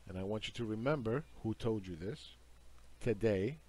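Low-ish voiced guy walking through charts, insistent, kinda scornful. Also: normal speed, darkish tone. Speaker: market commentary host. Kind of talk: lecturing over charts.

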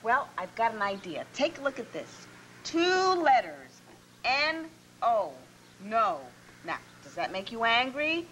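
A woman's voice: a little high, very animated, a little slow, fairly bright tone, slight background noise. A woman explaining things patiently, with a little stammer.

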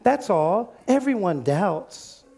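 Male pastor, very high gravelly voice, call-and-response sermon. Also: big pitch swings, slow pace, soft background music. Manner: call-and-response preaching, rising to shouts. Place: church sanctuary.

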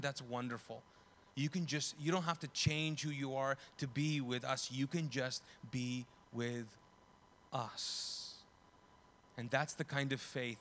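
A man preaching a sermon as pastor in a conversational way, often restarting and correcting himself, and growing loud and lively when he tells stories. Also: medium pitch, slight background noise. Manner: grows loud and animated when telling stories.

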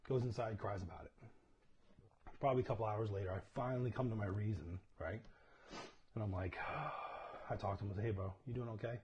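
A man's voice: on the low side, a little fast, warm tone. A man preaching a casual livestreamed sermon, talking conversationally, often checking in with "okay?" and laughing at himself as he tells personal stories. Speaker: pastor. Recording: dull lo-fi livestream audio with faint noise.

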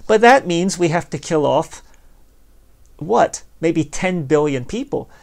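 Speaking slowly, this podcast host has a fairly high, animated voice with vocal fry and a darkish tone. His philosophical monologue is sardonic and rambling, aimed directly at the listener, and he acts out both halves of an imagined conversation.

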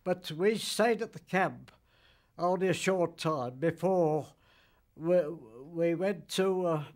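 Very old man, slow and halting. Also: high-pitched, a little mellow. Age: 90s. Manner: halting, plain-spoken storytelling with dialect grammar. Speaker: war veteran interviewee. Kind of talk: recollection interview.

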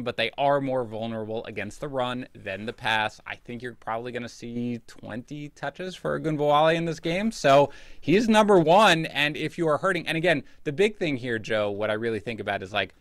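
A man trades fantasy football picks in a relaxed podcast chat. He talks at a middle pitch, recorded dry and close, and he is chatty, with self-deprecating asides. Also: a little fast, few pauses, dry recording.

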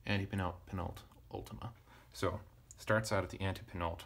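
A man teaching ancient Greek grammar at a relaxed pace, thinking aloud and correcting himself with casual asides. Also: low-pitched, fairly quick, slight background noise. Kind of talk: relaxed verse-by-verse parsing lesson.

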